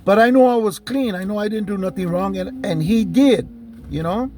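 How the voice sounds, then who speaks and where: A man's voice: sits high, normal speed, mellow. A man telling personal stories in a heated, profane, rambling way. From Southern California. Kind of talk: casual storytelling monologue.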